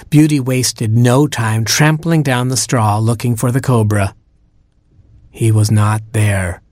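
A man's voice: medium pitch, a little mellow, no room sound. Wry male storyteller, dry sound. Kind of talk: scripted narration.

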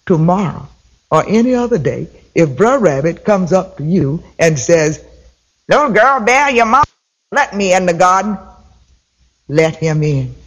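A man's voice: high-pitched, big pitch swings, unhurried, a bit bright, full character voice. A man playing a stern big mama bear. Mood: firm. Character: huge stern mother bear.

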